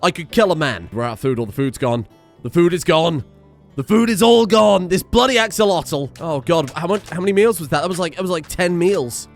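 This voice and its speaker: A man with a fairly high, very lively voice, commentating on his own gameplay in bursts of exasperation and cursing. He keeps talking to the little characters on screen as he plays. Soft music runs underneath. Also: brisk. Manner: animated, exasperated, swears often, talks to game characters. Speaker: gaming video creator. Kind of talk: let's-play game commentary.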